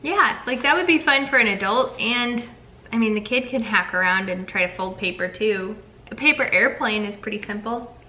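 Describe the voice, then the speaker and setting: A woman's voice: on the high side, normal speed, pushed and bright, low-quality recording. A young woman co-hosting a casual chat, talkative and upbeat. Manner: chatty and upbeat. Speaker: co-host.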